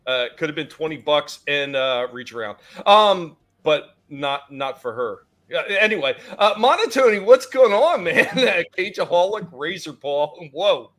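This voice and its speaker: A man's voice: on the high side, expressive, a little slow, hardly any pauses, a bit bright. A man hosting a casual live-stream chat, joking, cussing and greeting chat viewers by name. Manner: jokey, rambling, cusses, reads chat names. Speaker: host.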